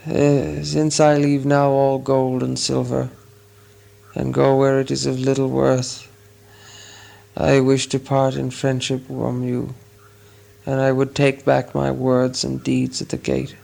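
Man doing dying dwarf king, low, quiet, grave, storybook reading. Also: completely flat delivery, slow pace, gravelly. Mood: solemn. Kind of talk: audiobook character voice.

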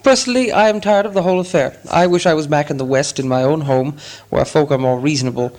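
A man voicing a fussy, polite hobbit gentleman who talks in a prim, businesslike way with a squeaky voice. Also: a little fast, close to an everyday voice.

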